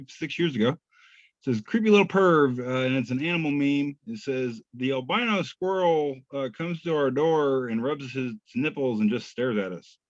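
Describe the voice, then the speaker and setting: In slightly muffled, dry podcast audio, a male co-host with a medium-pitched voice reads memes aloud. He sounds laid-back and self-deprecating, chuckling as he goes.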